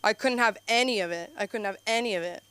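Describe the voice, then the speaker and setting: A young adult woman doing an open-mic stand-up set on a comedy club stage. She tells stories in a rambling, animated way, full of "like", and jumps her voice up for punchlines. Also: medium pitch, fast, smooth. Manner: rambling, filler-heavy storytelling with frequent "like".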